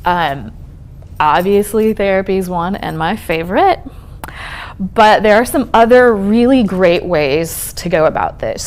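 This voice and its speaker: A woman therapist with a low voice and some vocal fry gives a conference talk on trauma and resilience in a college lecture room. She is conversational and reassuring, often saying "um" and checking in with "okay?", while a faint hiss sits in the background.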